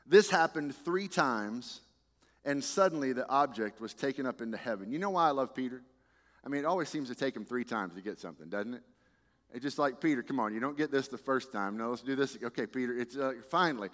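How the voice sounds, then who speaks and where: A man preaching a sermon as a pastor, talking in a conversational, animated way with frequent restarts. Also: medium pitch, a little fast, in a large hall.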